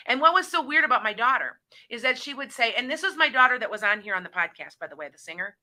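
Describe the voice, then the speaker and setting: A woman's voice: fairly high pitch, animated, brisk, sharp tone. A middle-aged woman hosting a call-in talk show, chatting in a rambling way and often restarting her sentences. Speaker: psychic radio show host. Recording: internet radio show.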